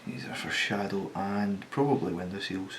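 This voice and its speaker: A man talking casually as he sketches, thinking aloud, correcting himself and sometimes dropping to a quiet mutter. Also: deep voice, normal speed, a little hiss or hum. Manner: relaxed, thinks aloud, self-correcting, drops to mutters while working. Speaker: designer sketching on camera. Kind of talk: casual commentary while sketching.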